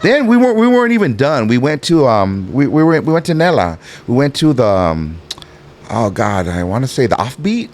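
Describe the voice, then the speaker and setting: A middle-aged man spins a long, animated story in a relaxed interview. His pitch leaps up and down as he acts out everyone else in the tale, and he swears freely along the way. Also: moderate pace. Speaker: guest telling a story. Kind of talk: casual storytelling.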